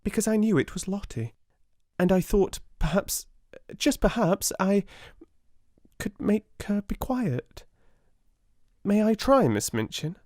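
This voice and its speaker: Quiet, polite little girl, as a male narrator puts her on, raised pitch, close dry mic. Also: very animated, no room sound, heavily acted. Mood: earnest. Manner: soft, low, measured.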